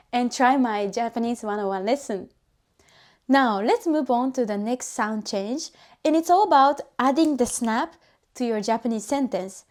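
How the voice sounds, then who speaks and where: Woman teacher, fairly high, mellow voice, patient step-by-step explainer. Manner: patient, methodical explaining with spoken examples. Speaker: language teacher.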